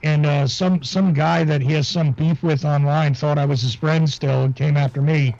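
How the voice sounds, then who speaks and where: Gravelly man telling rambling stories. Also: a little high, steady tone, moderate pace, a little mellow. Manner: rambling storyteller, laughs at own stories. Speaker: podcast host. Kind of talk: casual chat. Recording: dull muffled sound, dry.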